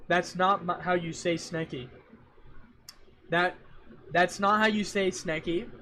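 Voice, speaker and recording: A young man talks on a livestream in a loose, rambling way, cracking jokes and talking to himself and his chat. His voice sits a little higher than most men's. A fan hums faintly behind his home mic. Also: fairly bright tone, slight background noise. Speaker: streamer. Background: fan running.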